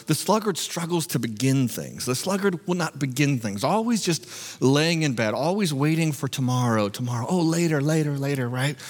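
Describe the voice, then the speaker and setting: A man preaching a sermon in a humorous, animated, self-mocking way. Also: medium pitch, big-room sound. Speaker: pastor.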